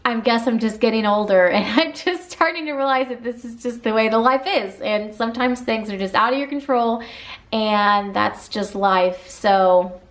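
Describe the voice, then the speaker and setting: A woman's voice: fairly high pitch, normal speed, fairly bright tone. A woman in her thirties from Southern Illinois with a Kentucky-like accent, chatting casually to camera in a Q&A vlog, full of fillers and asides. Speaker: vlogger.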